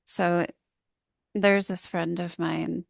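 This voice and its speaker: Gravelly low-voiced woman telling a story. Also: little pitch movement, extremely slow, no room sound, studio quality. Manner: earnest, heartfelt storytelling. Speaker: business coach guest; public speaker. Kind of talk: casual podcast conversation.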